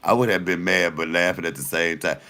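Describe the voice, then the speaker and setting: A man's voice: sits low, brisk. A man, a comedian, telling profane stories casually and straight to his viewers with a laugh in his voice. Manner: animated, profane, laughing storyteller; addresses viewers directly.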